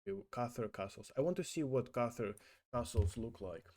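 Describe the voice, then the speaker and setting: Halting man translating French aloud. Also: medium pitch, lively intonation, warm tone. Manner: halting, hesitant, many fillers and self-corrections. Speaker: language learner vlogger.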